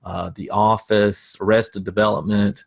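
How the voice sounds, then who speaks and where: Dry-humored man with a low voice. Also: level tone, a little slow, vocal fry, dry recording. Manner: dry humor, chuckles at own jokes. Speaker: business coach. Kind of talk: casual webinar talk.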